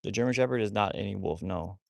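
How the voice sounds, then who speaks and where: A man's voice: on the low side, fast, creaky, dry recording, studio quality. A man hosting a casual livestream about rescuing wolfdogs, rambling with many restarts while he talks to his dogs.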